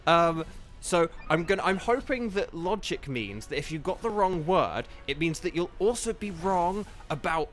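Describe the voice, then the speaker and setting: A young man live-streaming a game and chatting, excitable and flustered, rambling with lots of fillers. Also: on the high side, normal speed. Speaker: streamer and voice actor. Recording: faint game music behind.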